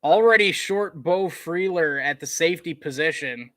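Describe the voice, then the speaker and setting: A man giving casual live play-by-play commentary on a college football game, chatty, with fillers, getting excited on big plays. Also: fairly high pitch, moderate pace, no room sound, studio quality.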